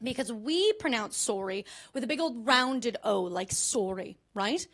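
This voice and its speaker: Casting: young Canadian woman comic, high bright voice, chatty and self-deprecating, live club set. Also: expressive, measured pace. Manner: chatty, self-mocking, keeps checking in with "right?". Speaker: stand-up comedian. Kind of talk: stand-up comedy set. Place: comedy club stage before a live audience.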